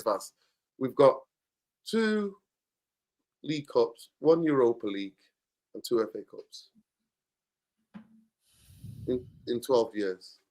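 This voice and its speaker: A man in casual football chat, blunt and animated, bursting into loud exclamations. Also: on the high side. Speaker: football podcast host.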